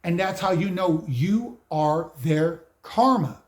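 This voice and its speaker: A man's voice: on the high side, expressive, slow pace. A man giving an emphatic, slangy motivational monologue on spiritual matters, lecturing his viewers directly. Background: music playing behind.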